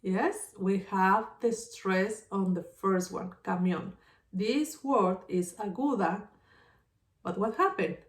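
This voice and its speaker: A woman teaching a lesson patiently, repeating example words slowly and clearly. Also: medium pitch, reverberant, distant mic. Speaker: Spanish teacher. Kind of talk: slow explanatory lesson.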